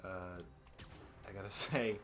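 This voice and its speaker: A man's voice: low-pitched, steady tone, slow. A young man hosting a let's play, chatting in a rambling, filler-heavy way and breaking into laughing fits. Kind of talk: casual gaming chat. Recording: voice over loud game music. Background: game music.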